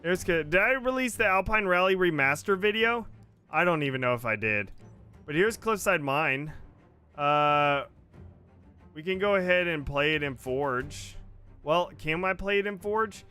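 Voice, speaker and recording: Chatting with his viewers while he plays, a gaming streamer rambles through casual commentary loaded with filler words, faint game music behind him. His voice is on the high side, expressive, pushed and bright with a clean tone, at a measured pace.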